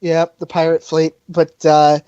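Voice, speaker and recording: A man's voice: a little high, monotone, unhurried, mellow, clean tone, no echo, lo-fi sound. A man chatting casually as a podcast guest, rambling and self-deprecating, with many fillers and restarts. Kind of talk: casual chat over a call.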